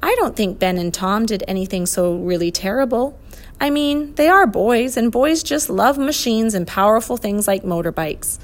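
A woman voicing a candid, gentle young girl who pleads earnestly, in a storybook reading. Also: a little high, normal speed, lightly acted.

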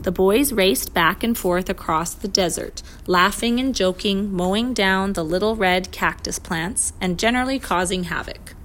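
A woman reading a children's adventure story aloud, expressive and lively. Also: medium pitch, moderate pace, hardly any pauses. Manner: expressive, voices the characters. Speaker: narrator.

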